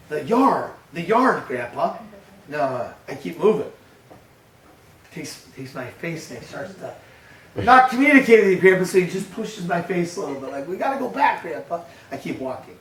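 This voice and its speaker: Older male pastor, higher-pitched voice, animated storyteller, echoey church room heard from a distance. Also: a little hiss or hum. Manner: storytelling, animated, acts out a toddler's voice. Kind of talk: sermon.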